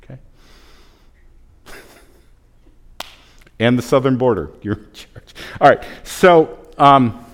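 A man's voice: medium pitch, slow, pauses often. A man preaching a sermon as a pastor, conversational with joking asides. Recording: long hall reverb.

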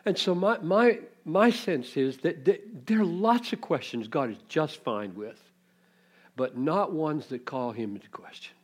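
A man's voice: on the high side, expressive, a little slow. A man preaching an expository sermon, teaching reflectively and posing rhetorical questions to his listeners.

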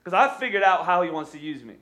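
Brief: male pastor, 30s, fairly high voice, lively sermon delivery, calls on the congregation to join in. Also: quick pace. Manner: energetic, urges the congregation to respond. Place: church stage.

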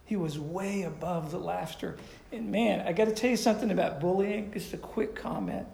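A man's voice: sits high, normal speed, creaky, a little mellow, reverberant. A man preaching a sermon in a conversational way, often asking his listeners questions. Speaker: pastor.

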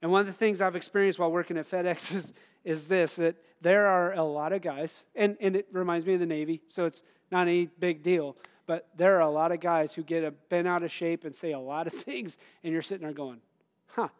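A man's voice: a little high, steady tone, fairly quick. A middle-aged man preaching a sermon in an earnest, conversational way, laughing at himself now and then.

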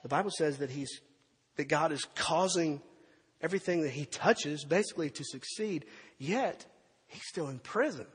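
High-voiced husky man preaching. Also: normal speed, big-room sound. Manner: storytelling, animated, with acted-out quotes and asides to the congregation. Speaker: pastor. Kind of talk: sermon.

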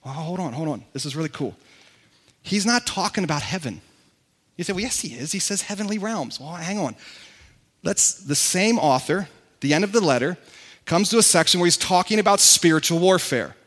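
A man preaching a sermon to a congregation, excitable and animated, who says he gets worked up and talks fast. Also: fairly high pitch. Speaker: pastor.

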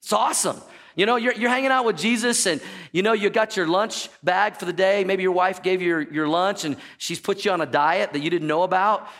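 A pastor preaching a sermon in a church, animated and joking, and calling out to the congregation for answers. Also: male voice, high voice, a little fast. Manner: jokey storytelling asides. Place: church sanctuary.

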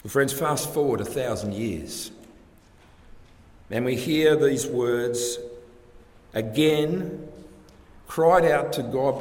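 Slow-paced preacher in an echoing hall. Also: male voice, mid-range voice, a little mellow. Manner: slow, deliberate preaching with rhetorical questions. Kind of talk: sermon. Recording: echoey hall with long reverb.

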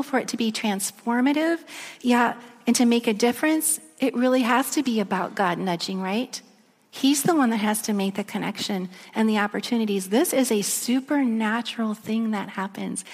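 A middle-aged woman preaching a sermon, telling a personal story in a chatty, lively way full of fillers. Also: on the high side. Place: church hall. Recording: long reverb in a large hall.

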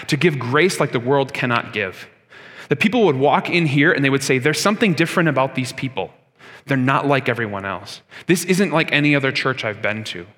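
A man's voice: mid-range voice, sharp tone. A man preaching a sermon in a church, earnest and conversational, often asking the congregation rhetorical questions. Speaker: pastor. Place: church sanctuary. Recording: long hall reverb.

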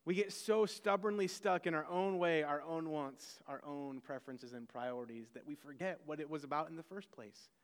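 A man's voice: fairly high pitch, moderate pace, hardly any pauses, big-room sound. A man, a pastor, preaching a sermon conversationally, with self-deprecating asides to the congregation.

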